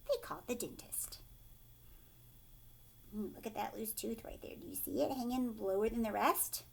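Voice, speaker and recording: A teacher reading a picture book aloud to children, pausing to ask her young listeners questions. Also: fairly high pitch, vocal fry. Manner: animated, talks to young listeners.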